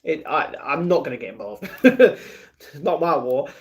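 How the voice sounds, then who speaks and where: A man's voice: fairly high pitch, sing-song, moderate pace. A young British man chatting casually on a live stream, answering viewers by name and laughing often. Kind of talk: casual live-stream chat, reading chat messages.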